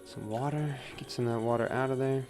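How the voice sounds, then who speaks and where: Over music, a man with a brisk, mid-range voice and fairly even intonation livestreams a wheel-throwing demo from his pottery studio. He chats casually, counting his pulls aloud and asking "right?" often.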